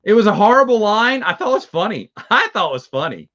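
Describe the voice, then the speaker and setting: A man's voice: high-pitched, very animated, fast, fairly bright tone, muffled recording. A man with a Southern accent, hosting a review show and chatting casually with viewers, rambling and chuckling as he goes. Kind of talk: casual live chat with viewers.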